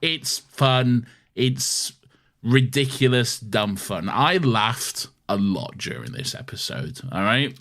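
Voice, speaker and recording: Man, yorkshire accent, lively up-and-down pitch, blunt, laughs a lot, casual podcast chat. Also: slow. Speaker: podcast co-host.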